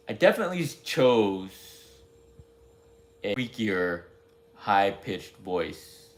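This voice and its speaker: A man's voice: low voice, slow pace, pauses often, a bit bright. A man rambling candidly to himself in a casual, self-deprecating monologue.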